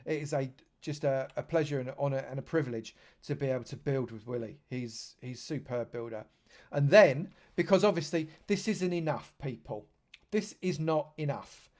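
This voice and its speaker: A man's voice: fairly high pitch, darkish tone. A man giving a chatty live tour of a game server, heaping praise on what he shows. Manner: effusive, chatty, lavish with praise. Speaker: streamer touring a game server. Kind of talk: live gameplay tour commentary.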